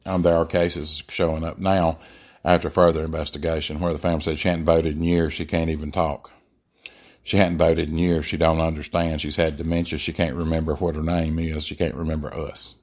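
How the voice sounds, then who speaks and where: A man with a very low voice delivers a blunt political monologue as a podcast host. He talks emphatically, and fillers and restarts break up his sentences. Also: flat delivery, a little fast.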